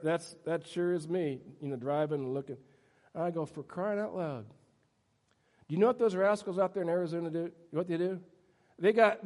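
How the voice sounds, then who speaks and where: Male pastor, playful storytelling preacher, higher-pitched voice, long reverb from the room. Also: a little mellow. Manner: humorous storytelling, self-deprecating. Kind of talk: sermon. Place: church sanctuary.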